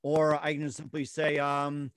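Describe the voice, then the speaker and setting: Male host, mid-pitch, meandering jokey delivery, dry close sound. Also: monotone, no echo. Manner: rambling, joking, halting. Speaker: talk show host. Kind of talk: casual talk show chat.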